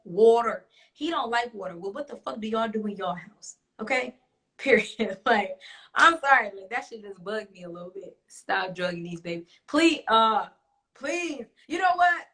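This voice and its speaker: A woman's voice: medium pitch, normal speed, sharp tone. A young woman hosting a talk show, chatting bluntly with an audience, swearing freely and laughing often. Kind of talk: casual chat to a live audience.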